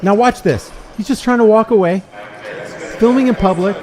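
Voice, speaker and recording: A man's voice: high-pitched, normal speed, darkish tone. A man hosting a commentary channel, reacting to a video with indignant, sarcastic remarks and rhetorical questions.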